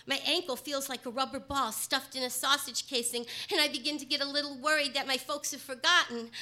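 A woman from Chicago telling a personal story, partly in rhyming verse, moving between hushed and emphatic delivery. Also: high-pitched. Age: adult.

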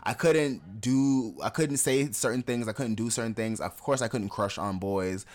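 A man's voice: fairly low pitch, moderate pace. A young adult man co-hosting a podcast, telling candid personal stories in casual conversation and laughing often. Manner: candid, laughs often, animated when acting out others. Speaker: podcast co-host.

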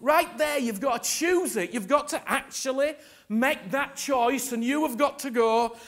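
A man preaching a sermon, impassioned and emphatic, urging his congregation to respond and repeat after him. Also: extremely high pitch. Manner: slow and emphatic, with sudden loud peaks.

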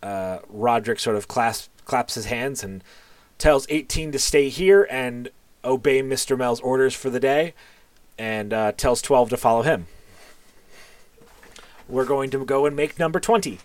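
A man's voice: medium pitch, a little slow. A man narrating as game master in a tabletop game, hesitant with many fillers, over a voice call.

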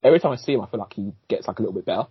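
A man talks through films in a relaxed podcast chat, his low voice slightly husky. He fills his speech with likes and ums and agrees often. The recording is dull and lo-fi, with a dry, close sound. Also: racing, dry recording. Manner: loose, filler-heavy, reacts with short agreements. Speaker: film podcast co-host. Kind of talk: casual film review chat.

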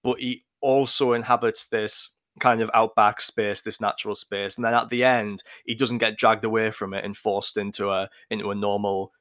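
A man's voice: lowish voice, flat delivery, moderate pace, few pauses, a bit bright, no echo, clean studio sound. A man co-hosting a film podcast, laying out long analytical arguments in casual discussion. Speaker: podcast co-host.

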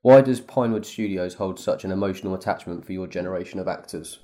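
Man, very deep mellow voice, interviewer, measured prepared question.

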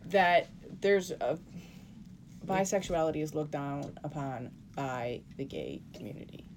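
Lower-voiced woman, earnest. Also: expressive, unhurried, noisy background. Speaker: podcast co-host. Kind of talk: casual discussion.

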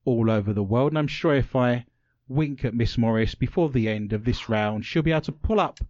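A man's voice: medium pitch, a little fast, darkish tone, no room sound. A man hosting a radio talk show, joking and punning with theatrical flair. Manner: playful, punning, theatrical delivery. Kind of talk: jokey quiz show banter. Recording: dry, slightly dull lo-fi sound.

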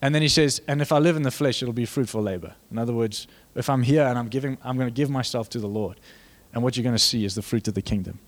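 A young man preaching a sermon, animated and joking with the congregation, building to fervent emphasis. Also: medium pitch, fast talker, few pauses. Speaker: pastor.

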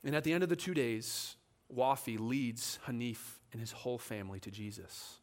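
A male preacher telling a story from the pulpit in a church. His pitch swings widely, rising and falling as he acts out the people in the tale. The pace is lively, and he leans into the dramatic moments. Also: moderate pace. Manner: animated, acts out quoted voices. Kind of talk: sermon storytelling.

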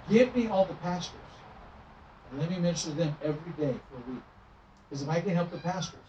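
A middle-aged man, a traveling minister, telling stories in a sermon and acting out the dialogue. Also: on the high side. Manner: animated storytelling, acting out dialogue. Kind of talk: sermon storytelling. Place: church sanctuary. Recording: roomy, distant, muffled with noise.

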